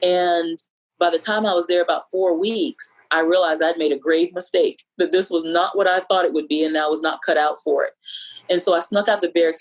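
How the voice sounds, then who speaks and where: Woman, low-pitched, middle-aged, reflective, measured, personal storytelling, podcast. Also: low-quality recording. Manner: reflective, measured, many fillers.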